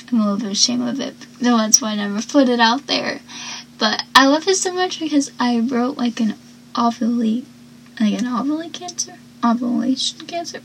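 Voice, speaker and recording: A woman's voice: a little high, a little hiss or hum, poor audio. A woman chatting casually as she recaps a TV show, rambling and acting out the characters' lines. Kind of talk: casual chat.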